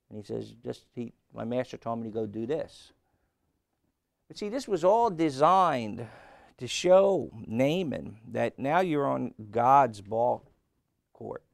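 A man delivers a sermon to his congregation in a gravelly voice, picked up dry and close. He keeps putting questions to his listeners, lifting his voice for emphasis and then dropping it low. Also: no echo. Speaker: preacher.

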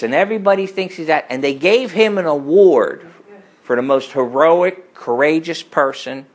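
Emphatic man preaching. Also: low-quality recording. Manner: emphatic, rising to forceful peaks and dropping to low asides. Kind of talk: sermon with storytelling.

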